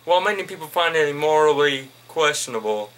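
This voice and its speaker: A man voicing a manic, cackling male psychiatrist from Transylvania, with a put-on Transylvanian accent and a shrill, theatrical manner. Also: expressive, brisk, a bit bright, a little hiss or hum.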